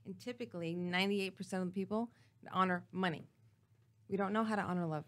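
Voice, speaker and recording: A woman's voice: fairly low pitch, fast talker, fairly bright tone. A woman talk-show guest speaking emphatically and preaching, repeating her key phrases. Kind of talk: casual talk-show chat.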